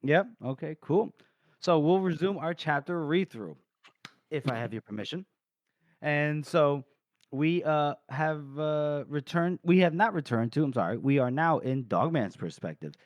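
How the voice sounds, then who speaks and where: A male podcast host with a slightly higher voice rambles through a chapter recap in casual chat, swearing freely and laughing often. He rushes through fast asides, and the recording is close and dry. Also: expressive, no echo. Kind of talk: casual book-discussion chat.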